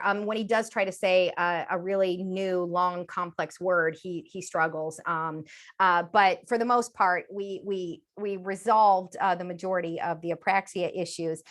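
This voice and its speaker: Animated woman, a seasoned speech therapist. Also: medium pitch. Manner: animated, acts out children's phrases in a sing-song voice. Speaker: guest speech-language pathologist. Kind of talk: conversational podcast interview.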